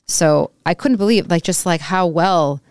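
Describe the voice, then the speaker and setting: A woman's voice: fairly low pitch, darkish tone, smooth, dry recording, studio quality. A woman appearing as a podcast guest who reviews food, chatting in an effusive, enthusiastic way. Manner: effusive, enthusiastic, quick bursts. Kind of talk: casual chat.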